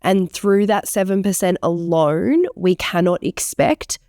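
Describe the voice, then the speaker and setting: A woman's voice: on the low side, unhurried, dark tone, no room sound, clean studio sound. A woman co-hosting an educators' podcast, leading the discussion and prompting her co-hosts in casual chat. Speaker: podcast co-host.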